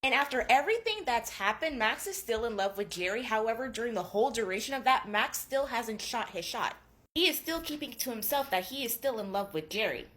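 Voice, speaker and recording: A booktuber in her twenties gossips her way through a book recap, her pitch swinging wildly as she reacts. She curses freely, like she's talking with a friend. Her delivery is animated, quick, and a little bright.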